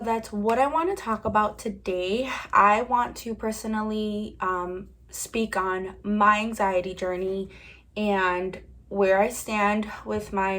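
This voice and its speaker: A woman's voice: medium pitch, fairly bright tone, a little hiss or hum. A young woman vlogging in a rambling, candid way, with many "like"s, while she does her makeup at home. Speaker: beauty vlogger. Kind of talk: casual chat while doing makeup.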